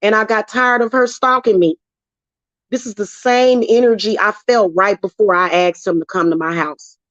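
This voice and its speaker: Talking at a moderate pace with medium pitch and fairly even intonation, a woman rants in a casual witchcraft vlog, heated, emotional and cursing about spiritual work. The audio is dull, dry lo-fi with no room sound.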